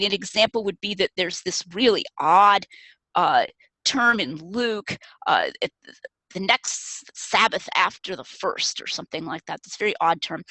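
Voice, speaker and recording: A woman's voice: mid-range voice, pushed and bright, no room sound, poor audio. A woman guest author in a webinar discussion, explaining her points carefully over a video call.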